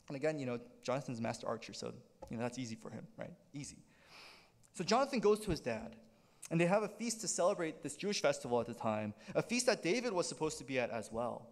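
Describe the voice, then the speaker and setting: A man preaching a sermon as pastor, in an animated style that keeps checking in with the congregation. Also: medium pitch, fast talker, long reverb tail. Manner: animated preaching with frequent "right?" check-ins. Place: church sanctuary.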